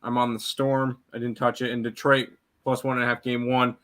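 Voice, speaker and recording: A man's voice: medium pitch, flat delivery, brisk, a bit bright. A man giving sports betting picks in casual chat, blunt, with frequent fillers.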